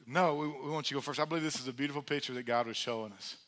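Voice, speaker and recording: Energetic preacher man. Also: on the high side, very fast, few pauses. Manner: energetic, conversational preaching with call-outs to the congregation. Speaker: pastor. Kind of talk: sermon. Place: church sanctuary.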